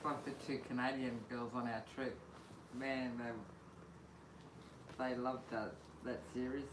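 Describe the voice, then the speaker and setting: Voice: mid-range voice, little pitch movement, a little slow. A speaker chatting casually and playfully with a partner. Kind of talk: casual chat. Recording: distant roomy noisy mic.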